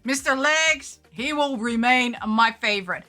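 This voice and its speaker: Casting: excitable woman vlogger, high and bright, gushing chatter. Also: unhurried, soft background music. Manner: excitable and gushing, gasps and laughs often. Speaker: vlogger unboxing anime figures. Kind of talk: casual chat.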